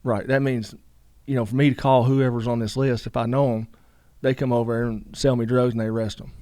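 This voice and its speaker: A man's voice: medium pitch, level tone, fairly quick, warm tone, no room sound. A man, a guest telling a long story in a casual interview, rambling with lots of "you know" asides.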